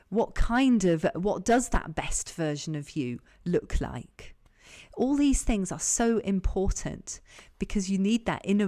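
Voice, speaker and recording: A woman leadership coach guiding an online group session, calm and encouraging, repeating her key questions. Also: on the low side. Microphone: online call.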